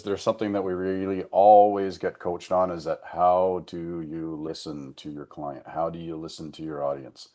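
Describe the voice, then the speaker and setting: Low-voiced man giving a casual talk. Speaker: member giving an education segment. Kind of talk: casual talk to a business group.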